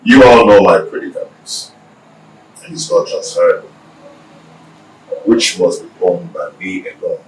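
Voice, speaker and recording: An actor playing a solemn village elder leading a prayer. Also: male voice, sits low, lively intonation, a little slow, long pauses, a little hiss or hum. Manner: solemn, declaiming. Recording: echoey from far off, faint ambience.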